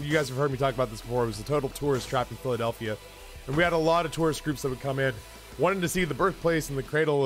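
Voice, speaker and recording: A man streaming, telling a drinking story in a rambling, profane, casual way that keeps interrupting itself. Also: medium pitch.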